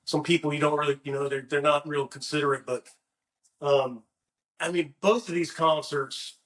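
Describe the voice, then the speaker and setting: Agreeable male podcast co-host, emphatic, higher register. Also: steady tone, normal speed, a bit bright. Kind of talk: casual chat.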